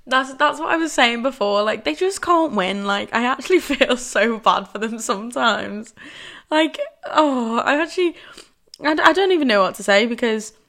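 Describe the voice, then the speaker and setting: A woman's voice: a little high, animated, normal speed, a bit bright. A young woman hosting a casual solo podcast, rambling chattily and filling every sentence with "like". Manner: chatty, rambling, says "like" constantly. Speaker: podcast host.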